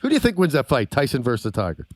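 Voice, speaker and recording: A man's voice: medium pitch, huge pitch swings, rapid-fire, no echo. A man co-hosting a podcast in casual chat, brash and profane, who often breaks in on the others. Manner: brash, swears a lot, interrupts. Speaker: podcast co-host. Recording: dry close mic.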